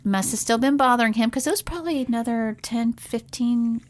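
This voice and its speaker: A woman's voice: on the high side, fairly quick. Earnest middle-aged woman recounting a story. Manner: earnest storytelling, frequent "like" fillers. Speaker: podcast co-host, parent. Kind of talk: casual conversational podcast.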